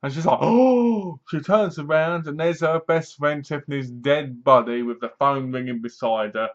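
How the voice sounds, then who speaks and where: A man casually recapping a horror film, animated, acting out the characters' lines and laughing at his own jokes. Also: medium pitch, moderate pace, lo-fi sound. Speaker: movie reviewer.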